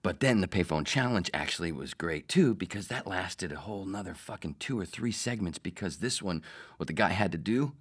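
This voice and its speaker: A middle-aged man hosts his podcast alone, telling stories in a loose, profane way and acting out the lines he quotes. His voice sits very low but jumps around a lot, loud one moment and muttering the next. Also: fairly quick, slightly rough. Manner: profane, animated, acts out quotes. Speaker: podcast host, former radio producer. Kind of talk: casual storytelling monologue.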